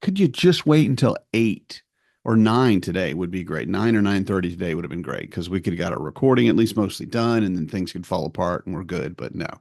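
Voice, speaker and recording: Gravelly low-voiced dad telling stories. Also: male voice, lively intonation, a little fast, a little mellow, no echo, clean studio sound. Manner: rambling storyteller, acts out family dialogue. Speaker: podcast co-host. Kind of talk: casual chat.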